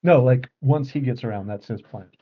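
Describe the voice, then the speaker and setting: A woman's voice: extremely low pitch, moderate pace, slightly rough. A woman playing in an online tabletop game, describing her moves hesitantly with many fillers. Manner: hesitant, full of uh and like. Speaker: player. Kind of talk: casual tabletop game play. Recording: lo-fi online call audio.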